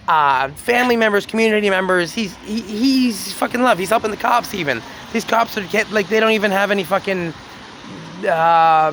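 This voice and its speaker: Casting: a man with a slightly high voice, telling his story on a night street, profane and aggrieved, faint traffic behind. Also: a bit bright. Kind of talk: rambling casual storytelling. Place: outdoors on a city street at night.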